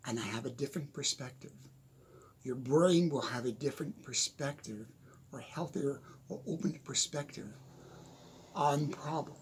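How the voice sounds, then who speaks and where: A man talking casually into the camera from his desk at home, giving unscripted motivational advice, chatty and quick to laugh. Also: medium pitch, a little hiss or hum. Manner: chatty, laughs often, repeats "okay?". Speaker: motivational speaker.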